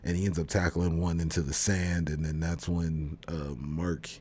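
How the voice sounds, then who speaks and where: Male co-host, very low husky voice, rambling conversational retelling. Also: flat delivery, normal speed, darkish tone. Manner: rambling retelling with many fillers and restarts. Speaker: podcast co-host reviewing a TV show. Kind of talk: casual chat.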